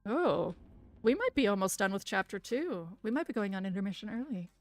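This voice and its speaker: A woman reading a visual novel aloud in a soft, soothing voice, breaking off for casual asides. The sound is dry and close, with faint music underneath. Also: mid-range voice, sing-song, fairly quick, no echo. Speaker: streamer reading a game aloud.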